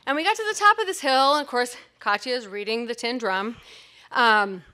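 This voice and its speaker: A woman's voice: fairly high pitch, fairly quick, sharp tone. A middle-aged woman telling a personal story on stage, chatty and self-mocking, with many fillers.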